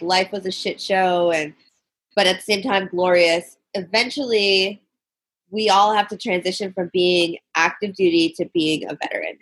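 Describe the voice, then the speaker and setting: A woman hosts a casual podcast interview, laughing easily and asking friendly questions. Her voice has a slightly husky edge. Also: mid-range voice, fairly bright tone, poor audio. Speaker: podcast host.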